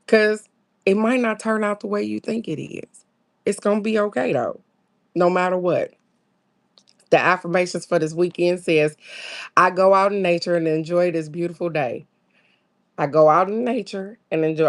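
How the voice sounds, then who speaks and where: Chatty woman with a lowish voice. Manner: chatty, greets viewers by name, reads affirmations aloud; laid-back, musing, with sudden high exclamations. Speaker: host of a daily card-reading stream. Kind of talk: casual spiritual chat.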